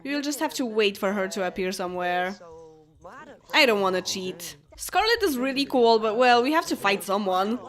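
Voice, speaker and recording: With a medium-pitched, expressive voice at a moderate pace, a young Polish-native woman commentates a life-sim game casually. She chats to her characters and laughs a lot as she plays.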